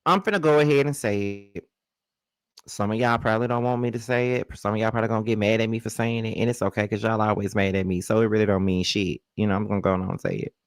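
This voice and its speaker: A man's voice: on the low side, a bit bright, smooth, no room sound. A man hosting his own commentary channel, ranting bluntly and profanely about a celebrity feud. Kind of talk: reaction commentary.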